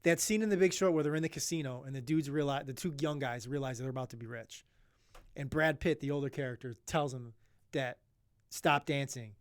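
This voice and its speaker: A man's voice: medium pitch, fast, no room sound. A young man co-hosting a podcast, talking in an earnest, rambling way with many restarts, emotional about his topic. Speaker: podcast co-host. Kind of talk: casual podcast chat.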